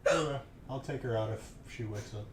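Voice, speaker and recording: A man's voice: medium pitch, brisk, a little hiss or hum. A man with a stuffy nose chatting casually on a live stream while opening trading card packs and thanking viewers.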